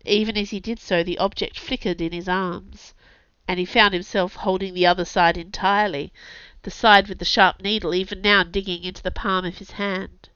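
A woman, an author and podcast host, narrating a story aloud in a lively, expressive way, on a dull lo-fi recording. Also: mid-range voice, moderate pace, clean tone, dry recording. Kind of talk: scripted audiobook narration. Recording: dull lo-fi sound.

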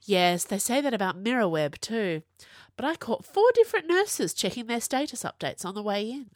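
A woman voicing a sharp-tongued, fiercely loyal young witch who talks briskly and teases. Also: on the high side, very animated, no echo, studio quality, voice pushed up. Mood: teasing.

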